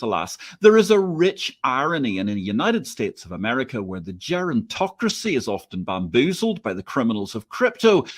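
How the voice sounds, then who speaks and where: A man's voice: medium pitch, husky. A man hosting a livestream interview, opinionated, wry and wordy. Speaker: host.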